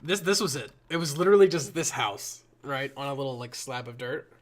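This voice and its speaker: A man's voice: medium pitch, animated, a little fast. A man chatting casually to his viewers while building in a game, rambling and swearing as he goes. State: yawning a lot. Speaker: live streamer. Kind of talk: casual live-stream commentary while building.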